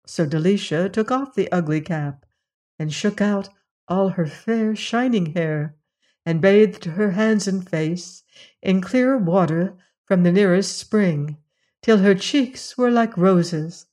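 Slow, measured woman storyteller. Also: mid-range voice. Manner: measured and expressive. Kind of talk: scripted fairy tale narration.

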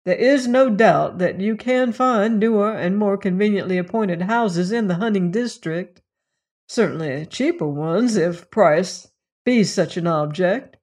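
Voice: medium pitch, unhurried, darkish tone. A puffed-up estate agent, voiced by an audiobook reader, proud of every word, rolling out long, ornate sentences with lofty dignity. He sounds a little raised and emphatic, as though addressing a client he wishes to impress. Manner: grandiose, orotund phrasing. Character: pompous male real estate agent, proud and flowery. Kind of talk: audiobook character reading.

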